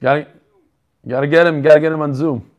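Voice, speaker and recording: A man's voice: a little high, fairly even intonation, fairly quick, a little mellow. A man hosting an online learning group over a video call, chatting casually, joking and greeting people by name. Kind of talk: casual chat with group members.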